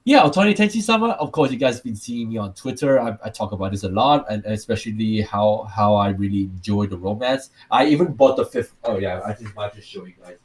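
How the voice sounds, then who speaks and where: A man's voice: lowish voice, brisk, hardly any pauses. A man from Taiwan with a Taiwanese accent, co-hosting a casual podcast and telling rambling stories with repeated words and restarts. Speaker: podcast co-host.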